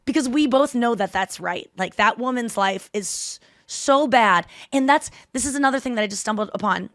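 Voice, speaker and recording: A woman hosting a podcast, telling stories in casual chat with quick asides and self-corrections. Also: mid-range voice, fairly bright tone, dry recording, clean studio sound. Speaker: podcast host.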